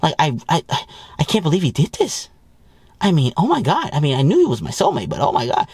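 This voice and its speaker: A man's voice: on the high side, wildly swooping pitch, brisk, darkish tone, breathy edge, no room sound, voice pushed up, exaggerated voice. A man mocking a young wife who brags breathlessly about how perfect her husband is. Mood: gushing. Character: bragging young wife gushing over husband.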